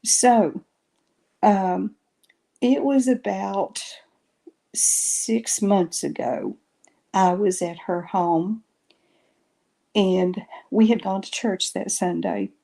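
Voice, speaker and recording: A woman's voice: medium pitch, very slow, creaky, long pauses, warm tone. A woman guest on a podcast, telling a personal story in a casual way and retelling each conversation line by line with many "I said" and "she says". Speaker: guest sharing paranormal experiences.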